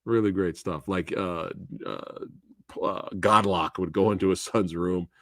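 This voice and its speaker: A man hosting a live movie review, talking in a casual, animated way and slipping into exaggerated quoted voices. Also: deep voice, a little slow, no room sound, clean studio sound. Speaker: host of a movie review show.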